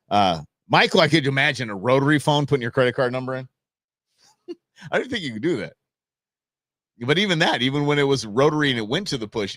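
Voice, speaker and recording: A man's voice: on the low side, fairly bright tone, dry recording, studio quality. A man hosting a live show, chatting casually, laughing often and reacting to viewer comments. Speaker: livestream host. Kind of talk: casual live-stream chat.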